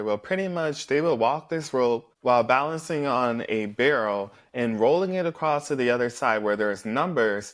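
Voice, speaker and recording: A man hosting a podcast, giving a casual, profane recap and acting out contestants' quarrels. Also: medium pitch. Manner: profane, blunt, acts out contestants' lines. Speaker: podcast host recapping a reality show.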